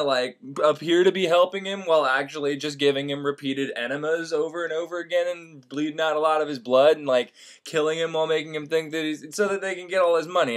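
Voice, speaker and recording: A man's voice: high-pitched, a bit bright. A man casually retelling a classic novel as comedy, rambling and profane, jumping into silly voices for the characters.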